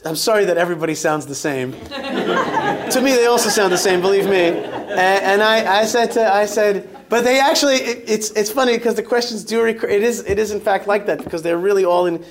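A man giving a lively storytelling talk in a synagogue, emphatic and joking with his audience. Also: high voice. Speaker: rabbi speaker.

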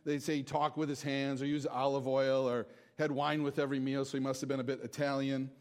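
A man's voice: mid-range voice, little pitch movement, a little fast, a little mellow. A man giving a casual, joking sermon to a congregation in a church, chatty and self-deprecating. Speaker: pastor. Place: church hall before a congregation.

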